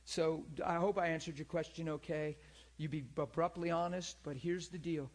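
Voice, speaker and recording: Animated earnest male preacher. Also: normal speed. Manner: animated, acts out people in high pleading voices; earnest, repeats himself, asks listeners for agreement. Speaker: pastor and teacher. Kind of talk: conversational church teaching.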